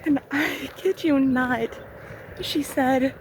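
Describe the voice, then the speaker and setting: A young woman with a fairly high voice shares a personal story slowly and haltingly, at times near tears. She is recorded outdoors on a walking trail with steady noise behind her. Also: rough recording. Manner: slow, halting, tearful at times. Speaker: vlogger.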